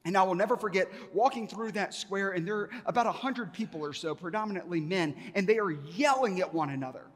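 A male pastor with a high, ringing voice gives a sermon, pushing his pitch and volume up as he acts out the back-and-forth of a story. His words carry a long reverb, as in a large church sanctuary. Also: quick pace, hardly any pauses.

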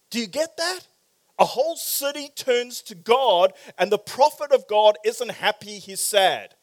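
A man preaching a sermon in a church, animated, swinging from loud exclamations to quiet, probing questions. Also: high-pitched, unhurried. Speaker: pastor.

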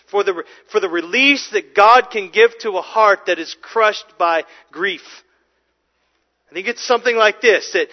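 Earnest high-voiced male preacher. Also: muffled recording. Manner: earnest, emphatic, with repeated words and restarts. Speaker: pastor. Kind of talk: sermon.

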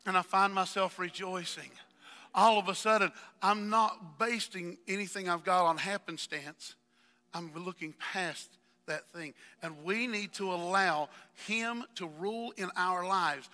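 Fervent male pastor, very high and piercingly bright, preaching with long hall reverb. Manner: fervent, addresses congregation members by name, builds to shouting. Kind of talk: sermon. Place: church sanctuary.

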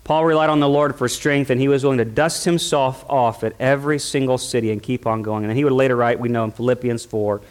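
A man's voice: mid-range voice, a little fast, hardly any pauses. A man preaching a sermon at a church service, passionate and full of rhetorical questions. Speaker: pastor.

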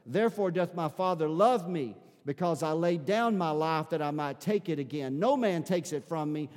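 Man, pastor, Sunday sermon, fervent preaching, high voice, long hall reverb. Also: lively intonation, normal speed. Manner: preaching, building from soft reflection to loud fervent exhortation. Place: church sanctuary.

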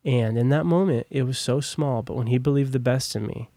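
A man's voice: mid-range voice, brisk, dark tone, no room sound. A young man telling his personal testimony as a podcast guest, in a casual, rambling way full of fillers. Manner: casual, rambling, heavy on "like" and "long story short".

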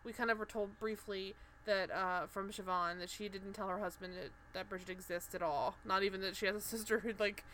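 A woman's voice: medium pitch, fairly even intonation, fairly quick, few pauses, fairly bright tone, slight background noise. A woman co-hosting a podcast, chatting casually and animatedly with lots of fillers, acting out characters' lines. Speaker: podcast co-host. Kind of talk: casual chat recapping a TV show.

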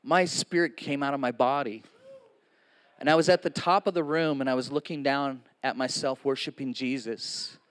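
A man's voice: mid-range voice, steady tone, moderate pace, a bit bright, smooth. A man in his sixties preaching a sermon to a congregation, casual and joking, with frequent asides to the audience. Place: in front of a live congregation.

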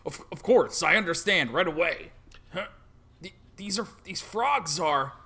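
A polite, jittery male guard stammers over his words, as a woman reads him out. The voice is bright, unhurried and lively in pitch. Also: husky, heavily acted. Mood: nervous. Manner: hesitant, stammering.

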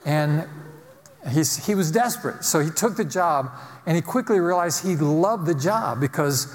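A man preaches to his congregation in an easy, storytelling way, tossing out rhetorical questions as he goes. His voice sits somewhat high for a man. Long reverb from a large church hall trails each phrase. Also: expressive, a little slow. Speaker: pastor. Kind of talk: sermon.

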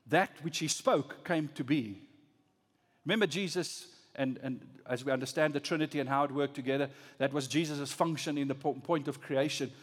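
A pastor preaching a sermon, swinging from loud rising emphasis to low, soft lines. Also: male voice, in a large hall.

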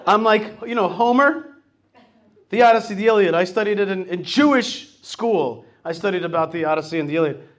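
A man talks as host of a radio show, telling stories with energy and acting out other people's lines. His voice sits fairly high for a man. He is middle-aged and casual. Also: fairly quick. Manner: animated storytelling, acts out quotes.

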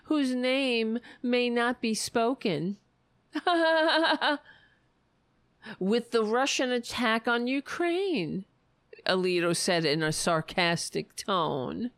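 A woman rants about politics in a slow, deliberate way, heavy with sarcasm and swearing. She drifts into muttered asides as she goes. Her voice is close and dry, with no room sound. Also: a little high, a bit bright, no room sound. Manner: profane, sarcastic, muttering asides while searching. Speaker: political commentator. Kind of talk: angry political rant.

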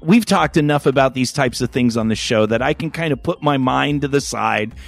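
A man's voice: medium pitch, brisk, creaky, no echo, faint music behind. A man hosting a casual podcast chat, telling stories with a lot of energy, acting out other people's voices and swearing freely. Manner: animated storytelling, acts out voices, swears freely. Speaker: podcast host.

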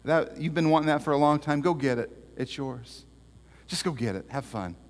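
A man voicing an easygoing husband who agrees softly on the phone. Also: a little high, moderate pace, long reverb tail, lightly acted. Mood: indulgent. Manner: relaxed, agreeable, soft-spoken.

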